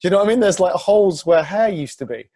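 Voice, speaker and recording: Host: a laid-back guy who jokes at his own expense, voice a touch high. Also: lively intonation, fast talker, dark tone, slight background noise. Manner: joking, self-deprecating, laid-back. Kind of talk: casual podcast chat.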